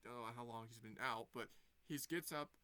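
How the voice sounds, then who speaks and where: Rambling man with a bright voice. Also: mid-range voice, a little fast, clean tone, dry recording. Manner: rambling, full of fillers and restarts. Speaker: movie reviewer. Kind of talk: casual movie recap vlog.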